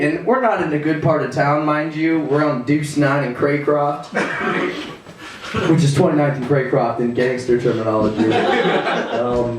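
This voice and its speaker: A male comedian doing a stand-up set at a house party, rambling with lots of fillers and halting restarts. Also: a little high, a crowd in the background. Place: living room at a house party. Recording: echoey room from far off.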